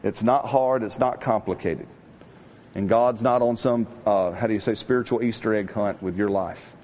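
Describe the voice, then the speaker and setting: A middle-aged man preaching a sermon in a lively, conversational way, often asking his congregation questions. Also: fairly low pitch, moderate pace, slight background noise. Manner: animated, call-and-response with congregation. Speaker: pastor.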